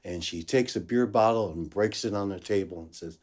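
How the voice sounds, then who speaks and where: Low-voiced man telling a story. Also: a little fast. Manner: animated storyteller, acts out quoted voices. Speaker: blues musician telling a story. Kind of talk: casual storytelling.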